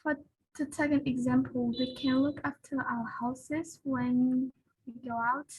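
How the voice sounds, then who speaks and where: A woman's voice: sits high, steady tone, unhurried, slight background noise, poor audio. A woman student answering a speaking test question with careful, formal phrasing.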